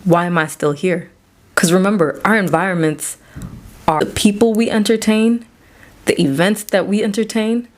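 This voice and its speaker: A woman's voice: medium pitch, steady tone, moderate pace. A woman therapist and psychiatric provider speaking earnestly to camera about faith and mental health, in a conversational way that acts out back-and-forth dialogue.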